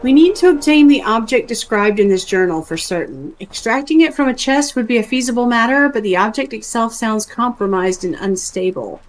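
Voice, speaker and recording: A woman's voice: a little high, animated, brisk, few pauses, lightly acted, rough recording. A woman reading a formal quest-giver's lines aloud from a game in her own plain, lightly wry voice.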